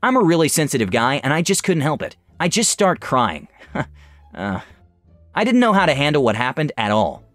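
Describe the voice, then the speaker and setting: A young man reading online stories aloud with an animated, expressive delivery. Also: on the high side, moderate pace, dry recording, soft background music. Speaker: story reader.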